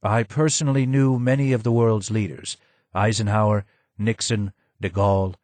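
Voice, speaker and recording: A man voicing a broken, disfigured former advisor who speaks low, hoarse and slow, sounding more sad than angry. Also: fairly even intonation, a little mellow, no echo, natural voice.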